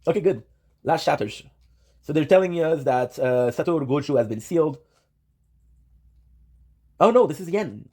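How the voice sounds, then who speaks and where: A man's voice: on the high side, expressive, moderate pace, long pauses, dark tone, breathy edge. A man streaming live, chatting casually and rambling, often talking to himself and swearing offhand.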